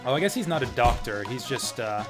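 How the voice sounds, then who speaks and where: A man's voice: mid-range voice, big pitch swings, a little fast, loud music behind the voice. A man chatting casually and rambling as he streams a video game. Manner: chatty, rambling, laughs often.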